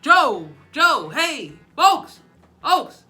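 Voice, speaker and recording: A woman doing a loud, drowsy old politician. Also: high voice, very animated, extremely slow, faint music behind, voice pushed up, heavily acted. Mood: shouty. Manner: rasping, shouting "folks" to wake himself.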